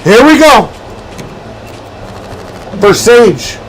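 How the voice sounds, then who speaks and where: A man streaming a strategy game live, ranting, swearing and yelling at an in-game character. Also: very high-pitched, sing-song, extremely slow, slight background noise, poor audio. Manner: yells and swears at an in-game advisor; hotheaded, profane, joking rants.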